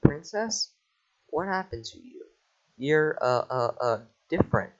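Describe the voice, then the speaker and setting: A man voicing an excitable male talking donkey in a casual script reading, chatty and quick to panic. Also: a little high. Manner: jittery, chatty, yelps in panic. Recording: lo-fi home mic.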